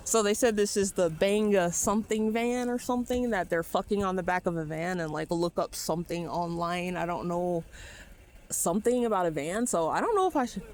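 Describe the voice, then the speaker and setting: A woman from California with a fairly low, darkish voice rambles anxiously into her handheld phone outdoors at a car wash at night, swearing a lot. She's a vlogger, and her frightened talk comes with slight background noise.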